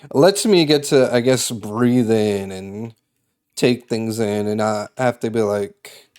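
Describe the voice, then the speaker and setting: A man's voice: fairly low pitch, slow pace, darkish tone, clean tone. A man from Massachusetts streaming, chatting casually with viewers in a rambling, laid-back way that swears and laughs easily. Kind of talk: casual chat with live chat.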